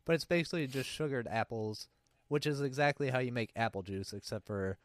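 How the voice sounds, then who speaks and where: A man co-hosting a podcast, explaining things in a relaxed, plain casual chat. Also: mid-range voice, a little fast, no echo. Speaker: podcast co-host.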